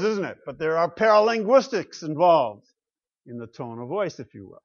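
A man's voice: medium pitch, lively intonation, moderate pace, lo-fi sound. A man preaching a sermon from the pulpit as pastor, talking conversationally and asking the congregation rhetorical questions. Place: church pulpit.

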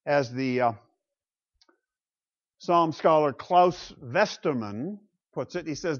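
A man's voice: mid-range voice, takes it slowly, long pauses. Guy lecturing on the bible, emphatic, asks rhetorical questions, kinda muffled old recording. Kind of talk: classroom lecture on the Psalms.

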